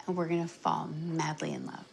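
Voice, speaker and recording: A woman's voice: low-pitched, level tone, a little fast, gravelly, slight background noise. An actress playing an earnest, eager young woman journalist in a romance film. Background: film score.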